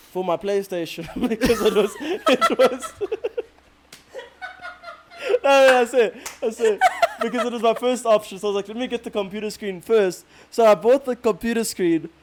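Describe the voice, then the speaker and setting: A young man talks in casual podcast chat, laughing often at his own awkwardness. His voice sits high. Faint noise hums behind him. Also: a little fast. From South Africa. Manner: laughs often, self-deprecating. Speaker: podcast co-host.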